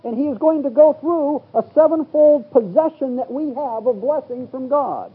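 A man's voice: very high-pitched, moderate pace. A man preaching a Bible teaching sermon, reading scripture aloud and explaining it verse by verse. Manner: reads scripture in King James wording, rising to exclaim. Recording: phone-like, lo-fi sermon recording.

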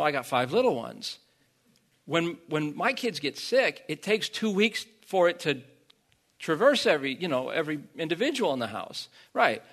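A man in his thirties preaching a sermon, stumbling and repeating words, then rising to loud emphatic peaks. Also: a little high.

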